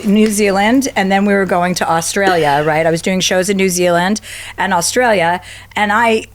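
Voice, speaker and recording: A woman in her fifties, a podcast guest, telling long travel stories with swearing and acted-out quotes. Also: normal speed. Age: 50s. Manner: profane, acts out quotes with big pitch jumps. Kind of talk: animated storytelling.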